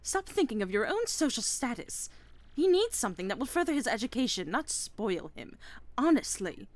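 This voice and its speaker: A woman's voice: on the high side, sing-song, moderate pace, dry recording, voice pushed up. A woman voicing a prim, scolding rich bomb parent from a video game.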